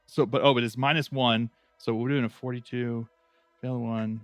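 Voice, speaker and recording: A man playing a tabletop game, joking, laughing and working through dice math out loud. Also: medium pitch, fairly even intonation, normal speed, no echo. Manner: jokey, laughs often, works through dice math aloud. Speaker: player. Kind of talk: casual tabletop game chat.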